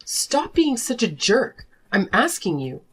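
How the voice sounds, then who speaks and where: A woman voicing a fed-up wife and mother confronting her husband, indignant and sharp. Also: fairly high pitch, big pitch swings, slow, a little hiss or hum, full character voice. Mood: angry. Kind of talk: narrated drama story dialogue.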